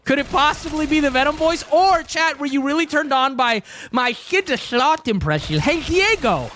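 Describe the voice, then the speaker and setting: A man's voice: very high voice, expressive, normal speed, bright, forceful tone, a little hiss or hum. A young man livestreaming, chatting casually with viewers in a joking, rambling way. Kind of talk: casual stream chat with viewers.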